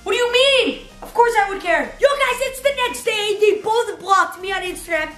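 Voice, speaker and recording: A woman vlogging in an excitable, dramatic way, reading out chat messages and stretching some phrases out slowly. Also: extremely high pitch. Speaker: YouTuber. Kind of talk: excited vlog narration reading out text chats. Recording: echoey room with background music.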